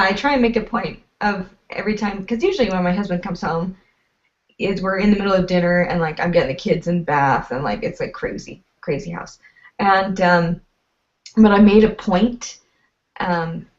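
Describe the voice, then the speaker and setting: A woman guest in a casual chat, telling personal stories with a chatty manner. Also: lowish voice. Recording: distant dull lo-fi sound.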